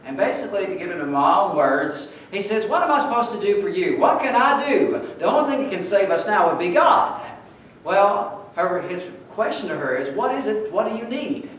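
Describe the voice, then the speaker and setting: A male pastor preaching a sermon, telling a story and getting louder and higher as he retells its scenes. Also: big pitch swings, moderate pace. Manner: storytelling, rising loud and high when retelling scenes. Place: church sanctuary. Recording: echoey church hall, mic far off, faint noise.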